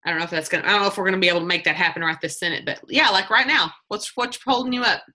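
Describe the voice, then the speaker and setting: Casting note: bright, lively woman telling stories during a team pep talk on a video call. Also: mid-range voice, very fast. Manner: chatty, animated, acts out quotes, laughs often. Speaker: team leader giving a sales training talk.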